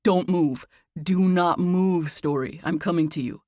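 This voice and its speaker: A woman's voice: on the low side, unhurried, no echo, clean studio sound, lightly acted. Woman voicing an eager young man on the phone. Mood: excited. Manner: excited, choppy questions.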